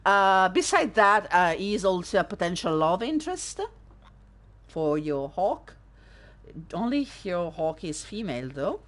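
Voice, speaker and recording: A woman's voice: lowish voice, big pitch swings, measured pace, a bit bright. A woman hosting a let's play, chatting casually over gameplay with sarcastic asides and frequent fillers.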